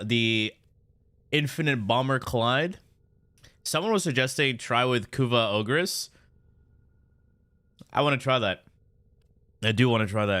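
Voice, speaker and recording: A man streams a game and talks to his viewers in a slow, easy drawl, tossing in jokes and restarting his sentences. His voice sits at an ordinary pitch and sounds dry and close to the mic. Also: fairly bright tone, clean tone, no room sound. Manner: loose and joking, many restarts and "guys". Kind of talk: casual live-stream chat while playing.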